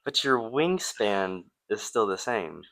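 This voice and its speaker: A man's voice: fairly low pitch, big pitch swings, slow, fairly bright tone. A young man co-hosting a podcast in casual chat, answering in a dry, matter-of-fact way. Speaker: podcast co-host.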